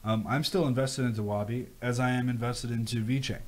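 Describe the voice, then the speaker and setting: A man with a mid-range voice hosts a casual crypto livestream, talking a little fast over slight background noise. He reads viewer questions aloud and launches into rambling, animated rants, often repeating himself.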